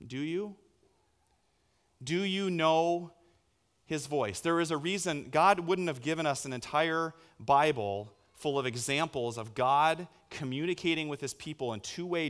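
Man in his thirties, pastor, sermon, lively storytelling, sudden loud bursts. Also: mid-range voice.

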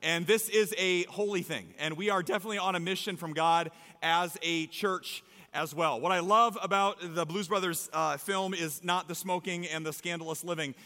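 Man, pastor, sermon, lively emphatic delivery, church stage, reverberant hall. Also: sits high, moderate pace. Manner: energetic, playful, emphatic preaching. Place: church stage before a congregation. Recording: long reverb of a large hall.

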